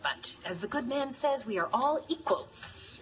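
A woman's voice: a little high, expressive, unhurried. An actress playing a flustered, awkward woman who stammers, heard in a distant, noisy film clip.

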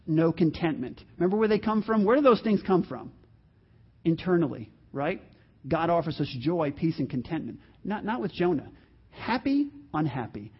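A man preaching a sermon in an animated way, now and then acting out the voices he quotes. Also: high-pitched, husky, muffled recording. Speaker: pastor.

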